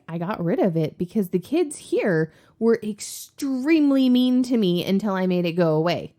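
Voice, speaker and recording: Woman from the south chatting on a podcast, super animated, bounces up high doing other ppl's voices. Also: moderate pace, hardly any pauses. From American South. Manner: animated storytelling, acts out coworkers in high excited voices. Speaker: co-host. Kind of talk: casual podcast chat.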